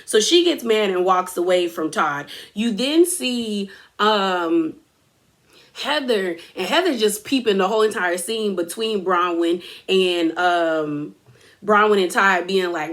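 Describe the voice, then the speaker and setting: A woman's voice: mid-range voice, animated, takes it slowly, a bit bright. A woman hosting a casual reality TV recap, chatty and full of fillers, laughing as she tells it. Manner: chatty, filler-heavy, laughs while telling. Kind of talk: casual episode recap and commentary.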